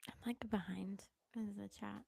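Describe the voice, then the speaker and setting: A woman's voice: mid-range voice, steady tone, normal speed, creaky, mellow, slightly rough, dry recording, clean studio sound. A young woman with a Southern American accent chatting casually on a live stream, giggly and chatty, often dropping into whispered asides. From Southern United States.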